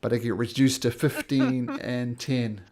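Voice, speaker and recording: A man narrating as game master of a tabletop game, calling rolls and describing the action with quick asides. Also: mid-range voice, steady tone, a little mellow. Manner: quick, laughing rules talk.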